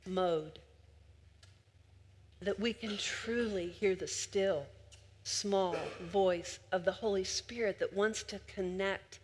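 Older woman preaching in a reverberant hall. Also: medium pitch. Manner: warm conversational storytelling, addressing the congregation directly. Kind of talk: sermon.

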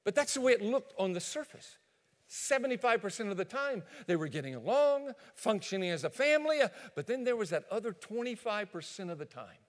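A male pastor preaches a sermon, telling stories and speaking straight to his listeners. His voice is high and lively, swooping up and down in pitch. It rings with a long reverb, as in a church hall. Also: a little fast. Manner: animated storytelling, addresses listeners directly.

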